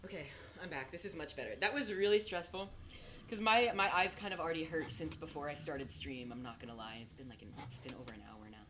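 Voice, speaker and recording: A woman streaming a game, rambling and giggling, swinging between hushed mutters and excited outbursts. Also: sits low, fast. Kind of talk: casual gaming commentary. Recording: steady background noise.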